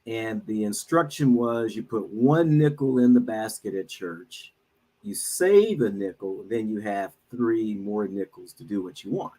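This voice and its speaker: A middle-aged man speaking as a guest on an online talk, telling a personal story in an earnest, measured way with frequent pauses. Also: on the low side, expressive, dark tone, rough recording. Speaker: guest speaker, minister and financial advisor.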